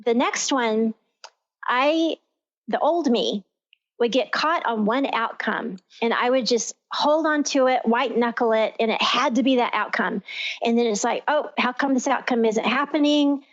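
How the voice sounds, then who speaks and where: A woman's voice: on the high side, a little slow. A woman from Texas hosting a talk radio show, explaining in long flowing sentences. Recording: lo-fi radio sound.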